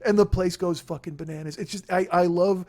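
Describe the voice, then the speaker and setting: Fast-talking animated male podcast host. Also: sits high. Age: 40s. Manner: animated, profane, laughing retellings. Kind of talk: casual storytelling chat.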